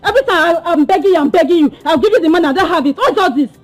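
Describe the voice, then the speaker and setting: A woman's voice: very high-pitched, expressive, rapid-fire, faint music behind. An actress with a Nigerian accent playing an impatient young woman who scolds and demands money owed to her father. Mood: impatient demanding. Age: young adult. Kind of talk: Nollywood film acting. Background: film score.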